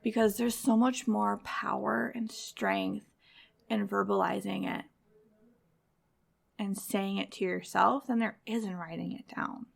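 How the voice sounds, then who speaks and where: A woman's voice: medium pitch, steady tone, a little slow, gravelly. A woman hosting a podcast for mothers, giving a direct, encouraging motivational talk in a conversational way. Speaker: podcast host.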